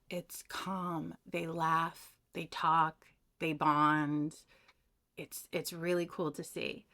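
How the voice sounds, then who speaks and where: A woman doing a pick-a-card tarot reading, talking casually and telling a story from her own life. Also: lowish voice. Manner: chatty, animated, tells personal stories. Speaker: tarot reader.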